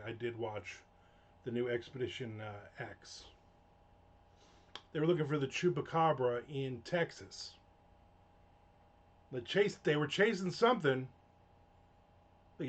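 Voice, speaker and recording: A man hosting a live stream, rambling through casual stories with frequent swearing. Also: mid-range voice. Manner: rambling, profane, chatty storytelling. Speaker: livestream host. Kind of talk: casual chat while writing. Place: home room.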